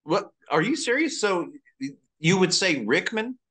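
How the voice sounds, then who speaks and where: A male interviewer asking eager, surprised questions. His pitch moves around a lot and sits slightly high. He sounds set back from the microphone. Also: sing-song, a little slow, a bit bright. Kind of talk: casual interview. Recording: distant from the microphone.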